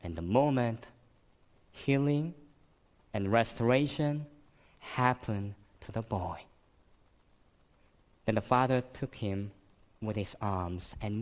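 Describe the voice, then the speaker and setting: Male pastor, sermon, slow deliberate delivery, emotional repetition. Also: on the low side.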